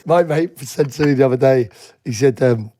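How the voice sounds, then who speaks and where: A man co-hosting a podcast in casual chat, a bit husky today, full of teasing banter. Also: mid-range voice, normal speed, warm tone, dry recording, studio quality. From England. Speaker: podcast co-host.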